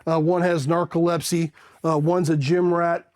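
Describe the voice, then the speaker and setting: Blunt high-voiced man telling war stories. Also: flat delivery, moderate pace, darkish tone. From California, USA. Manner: blunt, rambling, swears casually. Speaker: Marine veteran. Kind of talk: candid storytelling.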